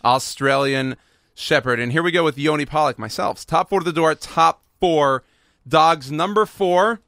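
A man's voice: a little high, moderate pace, creaky, fairly bright tone, no room sound, studio quality. A man hosting a casual podcast chat, rambling and self-deprecating, often restarting his sentences. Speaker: podcast host.

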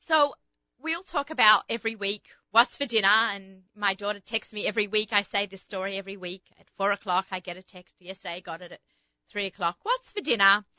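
Bright, chatty middle-aged woman host. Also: medium pitch, fairly quick, no room sound. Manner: chatty and homey, trailing off into asides. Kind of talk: casual chat. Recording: slightly dull lo-fi recording.

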